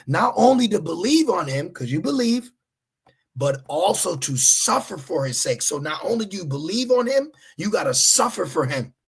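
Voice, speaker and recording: A high-pitched man preaches in a raspy, gravelly voice with a strong breathy edge. He talks streetwise and profane, leaning on "okay?" to drive each point home. Now and then he acts out a voice in a sudden squeaky aside. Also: very animated, moderate pace. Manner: casual, profane, emphatic with repeated "okay?". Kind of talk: streetwise sermon.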